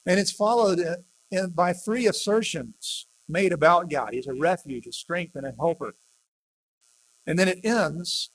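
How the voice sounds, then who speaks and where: Male preacher, unhurried sermon delivery, faint hum behind. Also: fairly high pitch, fairly bright tone, low-quality recording. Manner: reads scripture with rising emphasis, plain teaching otherwise. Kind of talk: sermon with scripture reading.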